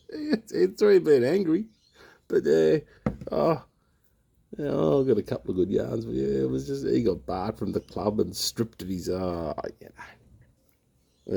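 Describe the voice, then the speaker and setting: A man's voice: mid-range voice, very animated, moderate pace, vocal fry, warm tone, a little hiss or hum. A middle-aged Australian man telling a rambling, slangy yarn on his beer review vlog, swearing freely as he goes. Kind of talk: casual storytelling.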